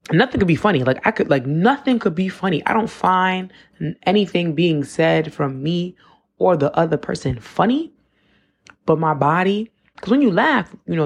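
A woman's voice: lowish voice, creaky, husky. A woman, hosting a casual reflective podcast monologue, talking loosely with lots of "like" and restarts. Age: 20s. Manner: conversational, with frequent "like" and self-corrections. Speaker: podcast host.

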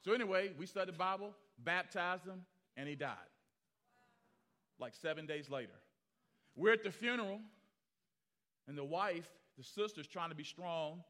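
A man preaching as pastor, telling stories animatedly and acting out the people he quotes, swinging from loud to hushed. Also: high-pitched, moderate pace, pauses often. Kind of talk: sermon storytelling.

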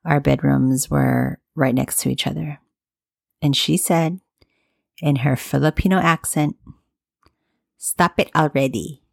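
A woman in her thirties talking candidly in a personal, reflective monologue, with soft fillers and restarts. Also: low-pitched, fairly even intonation, unhurried, creaky, no echo, clean studio sound.

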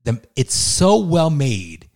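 A man's voice: fairly high pitch, big pitch swings, slow, gravelly, a little mellow. A young man co-hosting a casual podcast, skeptical and teasing, swearing casually. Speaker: podcast co-host. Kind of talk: casual chat.

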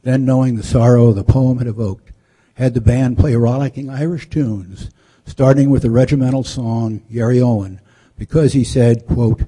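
A man narrates a historical story in a measured, solemn manner. His voice is deeply dark and mellow, with a husky grain. He reads steadily and sometimes trips over a word and repeats it. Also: fairly even intonation. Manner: measured, solemn delivery with occasional slips.

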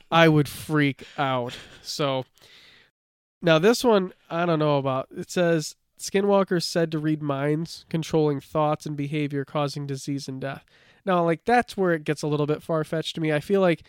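In a dry, studio-quality recording, a man with a clean tone on the high side tells lore as a podcast co-host. He keeps it casual and relaxed, reads bits from his notes, and leans heavily on "like" as filler.

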